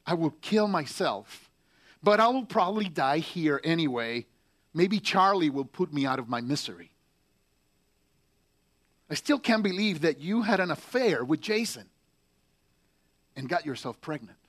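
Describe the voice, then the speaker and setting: A preacher reading aloud the letters of an angry, heartbroken young male Marine writing home, in a bitter, pained and halting voice. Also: on the high side, lively intonation, fairly bright tone. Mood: furious. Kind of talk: letter read aloud in a sermon.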